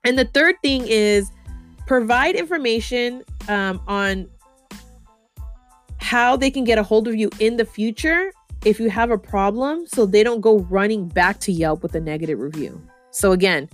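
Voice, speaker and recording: Woman podcast host, laid-back slangy advice delivery, medium pitch, acts out customer quotes. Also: lively intonation, moderate pace, soft background music. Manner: slangy and chatty, with many fillers like "like" and "you know"; acts out example quotes in the voices of customers and owners. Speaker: podcast host and marketing advisor. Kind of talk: casual advice talk.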